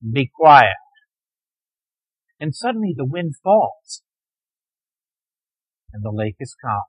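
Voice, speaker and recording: A man lecturing a class on the Bible, telling its stories dramatically and sometimes dropping to a near hush. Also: mid-range voice, sing-song, unhurried, husky, muffled recording. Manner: dramatic storytelling, dropping to near hushed tones.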